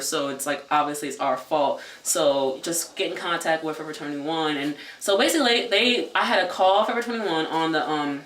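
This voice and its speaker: A man vlogging a casual storytime, talking fast and loose with lots of filler words and the odd swear. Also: fairly high pitch, fairly bright tone, distant mic, slight background noise. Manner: chatty, many "like" fillers, swears. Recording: echoey room, voice away from mic.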